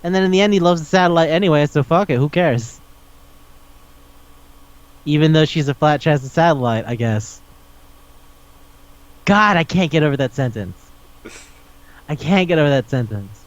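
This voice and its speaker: A man co-hosting a podcast, ranting in disbelief with rapid questions and lots of swearing. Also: a little high, highs cut off. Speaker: podcast co-host. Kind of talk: casual chat.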